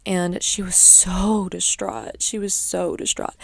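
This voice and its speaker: A woman's voice: lowish voice, flat delivery, takes it slowly, gravelly, dry recording. A young woman hosting a podcast, rambling through a chatty story in a casual way. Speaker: podcast host. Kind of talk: casual chat.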